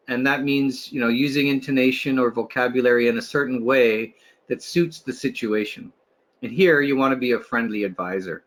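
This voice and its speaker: A man's voice: medium pitch, a bit bright. A man leading a test-prep webinar, explaining scoring and giving tips, with frequent fillers, restarts and a checking "right?". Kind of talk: webinar teaching.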